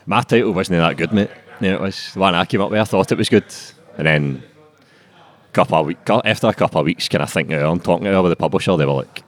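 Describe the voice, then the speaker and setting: A man's voice: deep voice, fast. A Glaswegian man in his twenties, a writer being interviewed, talking casually, swearing a lot and dropping "aye, man" and "mate". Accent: Glaswegian Scottish. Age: 20s. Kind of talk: casual chat.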